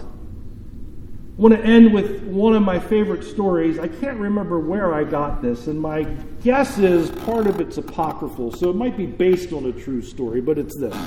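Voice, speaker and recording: A pastor with a high, light voice delivers a sermon at an unhurried pace. He tells his story deliberately and pauses for effect. His voice rings through a church with a long, echoing reverb. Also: mellow, slight background noise. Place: church sanctuary.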